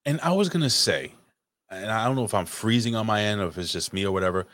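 A man's voice: on the low side, expressive, quick pace, a bit bright, no echo, clean studio sound. A man hosting a casual chat over a remote call, blunt, profane and teasing. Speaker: podcast host.

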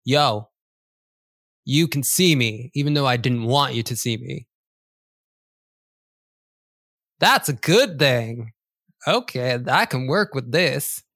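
A woman's voice: a bass voice, animated, unhurried, a bit bright, no room sound, clean studio sound, full character voice. Woman voicing a rude sweary talking cat. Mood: scheming. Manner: brash, sweary, mocking.

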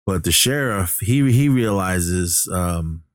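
A man's voice: low voice, expressive, slow pace, dry recording, clean studio sound. A man casually recapping a horror film, rambling and correcting himself with many fillers. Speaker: movie recapper.

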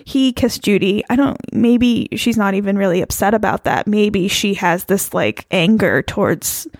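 A podcast co-host in casual conversation, this woman has a creaky, medium-pitched voice that is expressive and moves at normal speed. She is chatty, laughs often and uses many fillers. The recording is dry with clean studio sound.

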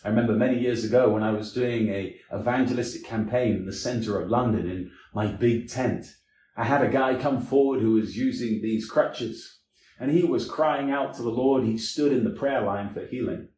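A man's voice: medium pitch, moderate pace, darkish tone, roomy sound, a little hiss or hum. A man preaching a sermon as an evangelist, with emphatic delivery that rises and drops in sweeping waves.

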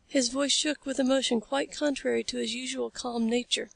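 A woman narrating an adventure novel in a steady, even reading voice. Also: fairly high pitch, moderate pace, vocal fry, hardly any pauses, no room sound. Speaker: audiobook reader. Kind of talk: scripted narration.

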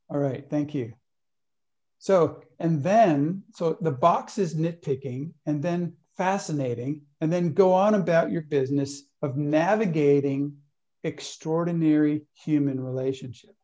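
A man's voice: a little high, dark tone, highs cut off. A man leading a workshop, talking loosely through stories and acting out little inner voices. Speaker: workshop leader. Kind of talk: teaching talk.

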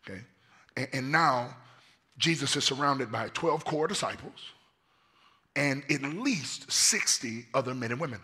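Hoarse, animated preaching pastor. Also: male voice, medium pitch. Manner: animated preaching, swings from shouts to near-whispers; casual slang-laced storytelling. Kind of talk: lively sermon.

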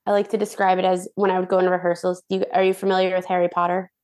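A young woman who used to dance on cruise ships tells stories as a guest in a casual interview. She's bubbly and animated, voicing the people she quotes, with a fairly low pitch and a racing pace.

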